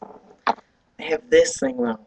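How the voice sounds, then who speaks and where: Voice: mid-range voice, expressive, very slow, vocal fry, background noise. Groggy young vlogger rambling at dawn. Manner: rambling, loose and swearing. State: up early and groggy. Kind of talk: casual video diary.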